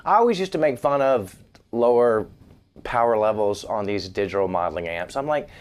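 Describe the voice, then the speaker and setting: A man's voice: medium pitch, lively intonation, normal speed, darkish tone. A man reviewing a guitar amp in a casual, wisecracking video, with jokes thrown between demonstrations. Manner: joking, wisecracking asides. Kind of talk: casual gear demo vlog. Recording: guitar playing behind the voice.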